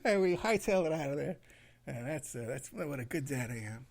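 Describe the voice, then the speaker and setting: A man's voice: a little high, lively intonation, a little fast, vocal fry. A man telling a rambling road trip story in a casual way, laughing at his own anecdotes and acting out what people said.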